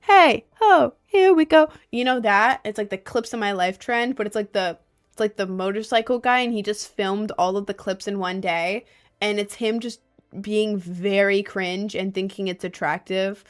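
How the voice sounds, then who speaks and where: A woman's voice: medium pitch, moderate pace. Chatty young woman livestreaming. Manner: rambling, animated, frequent "like" and laughs. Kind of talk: casual livestream chat reading viewers' messages.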